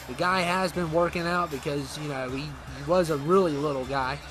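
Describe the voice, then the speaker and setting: A man's voice: fairly high pitch, normal speed, few pauses, music in the background. A man giving casual let's-play commentary on a wrestling game, dramatic and playfully indignant. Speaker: gaming commentator.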